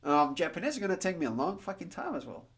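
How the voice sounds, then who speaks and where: An adult livestreamer, not a native English speaker, chatting casually and thinking aloud, with halting fillers and restarts while trying out Japanese. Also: mid-range voice, big pitch swings.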